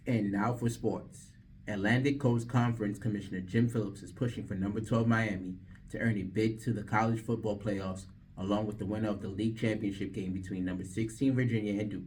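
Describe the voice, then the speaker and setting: In a radio station booth, a young campus radio newscaster and vlogger reads the news, then jokes to camera between takes in a slangy, self-mocking way. His voice is on the low side and darkish, steady in tone and a little fast. He's recorded from a distance with slight background noise.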